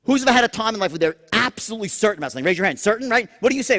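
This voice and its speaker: Man, sales seminar speaker, very expressive pitch, acts out tones, long room reverb. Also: rapid-fire. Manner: animated, profane, acts out tones with sudden whispers. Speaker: sales trainer. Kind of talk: live seminar talk.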